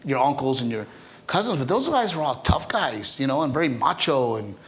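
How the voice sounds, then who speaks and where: A man, a stand-up comedian, telling stories in a casual interview, animated and chatty, often tagging his lines with "right?". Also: mid-range voice, fairly quick.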